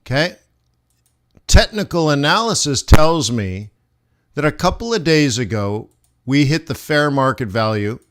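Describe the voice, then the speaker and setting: This time the forex teacher has a mid-range, animated voice and speaks at a measured pace. He keeps the live lesson casual, reviewing charts and posing rhetorical questions to viewers as he goes.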